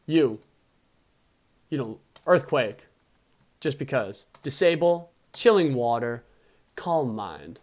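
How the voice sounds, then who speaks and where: Excitable young man calling a game. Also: medium pitch, takes it slowly, pauses often. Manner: excitable, swings from mumbling to loud outbursts. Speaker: video host and league player. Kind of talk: casual game commentary.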